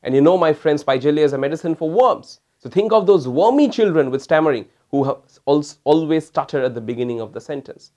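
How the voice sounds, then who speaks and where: A man with a fairly high voice lectures as a homeopathic doctor. He talks to his listeners as "my friends" and explains his points with demonstrations. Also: animated, a little fast, hardly any pauses, a little mellow, muffled recording. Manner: addresses listeners as "my friends", mimics stammering patients to demonstrate. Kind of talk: recorded lecture.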